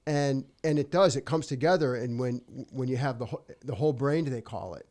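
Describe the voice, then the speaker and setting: A man's voice: mid-range voice, a little fast, a little mellow. A middle-aged man, a singer-songwriter, talking casually and reflectively in an interview, rambling a little and acting out his own past thoughts.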